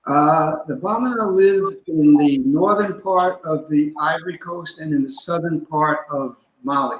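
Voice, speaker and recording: A man gives a measured, instructive explanation, taking his time over each point. His voice sits a little high for a man. The recording picks up a roomy echo around him. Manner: deliberate, instructive, spells out terms. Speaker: guest scholar. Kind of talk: teaching in a conversation.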